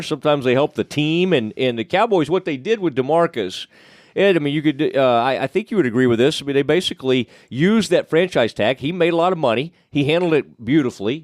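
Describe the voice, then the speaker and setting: A man's voice: a little high, dry recording, clean studio sound. A man hosting a casual sports podcast, talking in loose, rambling stretches that restart and trail off mid-thought. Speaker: podcast host.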